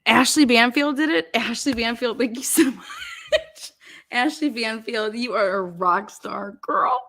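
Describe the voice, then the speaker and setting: A woman's voice: a little high, a little slow, fairly bright tone. A woman hosting a true crime live stream, chatting casually, laughing often and swearing loosely.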